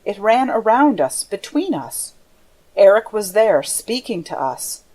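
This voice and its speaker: Female audiobook narrator, mid-pitched, measured and expressive. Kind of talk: scripted narration.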